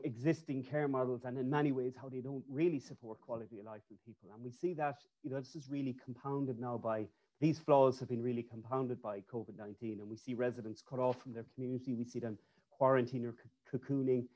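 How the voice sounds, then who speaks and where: A man's voice: medium pitch, darkish tone. A man, an architect, giving a loose, conversational webinar presentation over a video call, with frequent restarts and fillers. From Ireland. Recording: dull lo-fi call audio.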